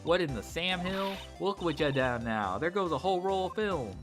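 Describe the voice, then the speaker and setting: Brash young Southern woman, drawling and folksy, as a man does her, lively swooping pitch, music under. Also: moderate pace, close to an everyday voice. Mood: feisty. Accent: put-on Southern drawl. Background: game music.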